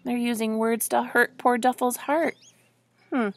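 A woman reading a picture book aloud to children, gently asking them questions along the way. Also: a little high, steady tone, a little slow.

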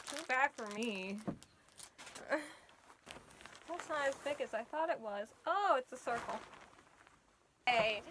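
Amid background noise, a medium-pitched cosplay vlogger chats casually at home while getting a photoshoot ready. Costume fangs slightly slur the words; tired from an early start, they laugh often, ramble, and trail off.

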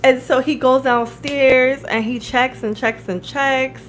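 A woman giving a casual tarot reading, telling a story in a chatty, animated way, laughing often and checking in with her listeners. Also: high-pitched, slow, slight background noise, poor audio. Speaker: tarot reader and spiritual coach.

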